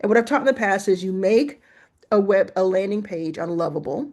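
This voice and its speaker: A woman's voice: mid-range voice, brisk, a little mellow. A woman hosting a casual screen-share tutorial, chatting and reacting as she goes, laughing to herself while she types and reads aloud. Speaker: host.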